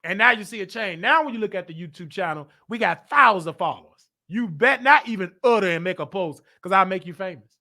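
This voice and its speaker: A man hosting a show, telling a church story in a dramatic, preacher-like way that rises to shouts. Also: high voice, lively intonation, brisk. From Chicago. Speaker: show host. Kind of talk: animated storytelling monologue.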